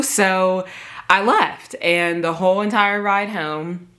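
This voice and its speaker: A woman's voice: mid-range voice, fairly even intonation, takes it slowly, pushed and bright. A woman telling a personal story in a casual storytime vlog, emphatic and peppered with "like". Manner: casual, emphatic, heavy filler "like". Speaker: vlogger.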